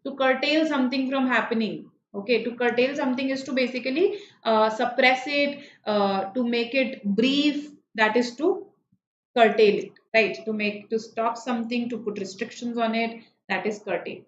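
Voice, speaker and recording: A woman teaches vocabulary in a live online class, patient and checking in with her students often. Her voice sits a little high. The sound is dull and roomy, with a faint hiss. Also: moderate pace. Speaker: online exam-prep teacher.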